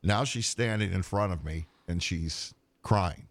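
A man with a low, gravelly voice tells a story in a casual podcast chat. He talks in an animated way, restarting and circling back as he goes. He is close to the mic in a dry room. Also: measured pace, no echo.

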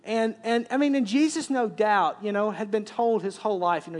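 A man's voice: sits high, fairly quick. A man, preaching a conversational sermon and repeating words as he builds up. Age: 40s. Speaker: pastor.

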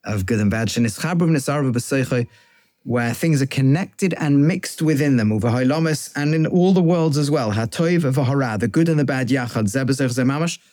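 Male rabbi-teacher, warm low-brightness tone, close dry sound, alternates Hebrew text and English explanation. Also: animated, moderate pace, dry recording. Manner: reads Hebrew lines aloud, then translates and explains them; thinks aloud with frequent restarts and self-corrections. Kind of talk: text study lecture.

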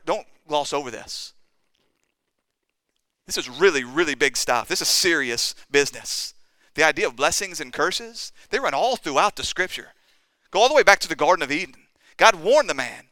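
Man, pastor, earnest sermon delivery, slightly higher voice, dry close sound. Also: animated, normal speed, sharp tone, clear, resonant tone, no echo. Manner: earnest preaching with dramatized quotes, rising to emphatic outbursts.

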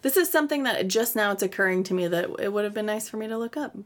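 A woman's voice: mid-range voice, expressive, quick pace. A woman co-hosting a book podcast, chatting casually, laughing often and trailing off mid-sentence. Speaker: podcast co-host.

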